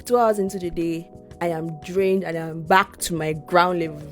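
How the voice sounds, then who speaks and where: A woman's voice: lowish voice, steady tone, normal speed, soft background music. A young adult Nigerian woman co-hosting a podcast, speaking in an earnest, reflective way with frequent restarts. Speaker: podcast co-host. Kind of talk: casual podcast chat.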